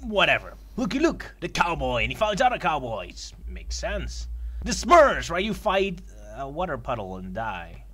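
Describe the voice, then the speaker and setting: A man giving a sarcastic comedic review of an old video game, mock-excited and yelping at it. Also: mid-range voice, normal speed, few pauses.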